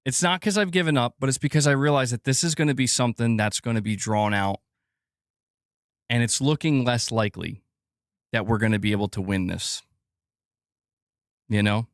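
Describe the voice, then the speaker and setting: A man's voice: mid-range voice, moderate pace, long pauses, dry recording, clean studio sound. A man hosting a live gaming news stream, ranting casually and swearing as he talks to his chat.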